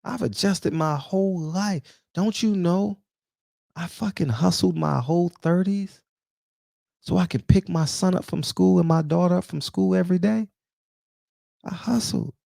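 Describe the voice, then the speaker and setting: Fired-up man preaching with lively pitch. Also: gravelly, no room sound, studio quality. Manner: preachy, confrontational, repeats rhetorical questions. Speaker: barbershop talk show host. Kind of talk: heated casual monologue.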